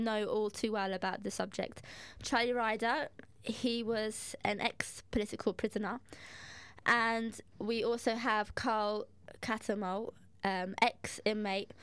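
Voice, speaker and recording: A woman hosting a radio show, reading a scripted introduction at a measured pace. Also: medium pitch, a bit bright, clean tone, dry recording. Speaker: radio host. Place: radio studio.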